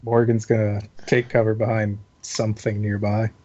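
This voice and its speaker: A man's voice: fairly low pitch, level tone, moderate pace, a little mellow. A man playing a tabletop game, explaining his character's moves in an eager, slightly rambling way. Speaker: player. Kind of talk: casual game talk. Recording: muffled lo-fi recording.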